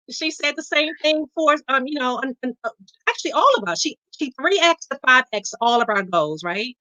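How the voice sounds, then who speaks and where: A woman guest shares a lively testimonial in a high, bright, tense voice, laughing and repeating herself as she goes. The sound is dry and close to the mic. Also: moderate pace, no room sound, poor audio. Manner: animated, laughing, repeats words. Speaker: coaching client guest. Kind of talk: casual testimonial chat.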